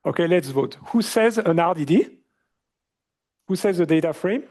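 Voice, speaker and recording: Male lecturer, French accent, mellow tone. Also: a little high, expressive, normal speed. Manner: asks the class questions, many fillers. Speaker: university lecturer. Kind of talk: university lecture. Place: lecture hall.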